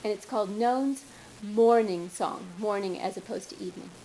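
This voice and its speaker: An older woman reading her own poems at a bookstore, slow and measured, with chatty asides between poems. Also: medium pitch, warm tone, a little hiss or hum, rough recording.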